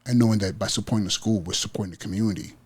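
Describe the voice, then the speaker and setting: A principal who hosts an education podcast delivers a rapid-fire motivational monologue, passionate and emphatically repetitive, about teaching kids to win. His voice is on the low side, husky and darkish in tone.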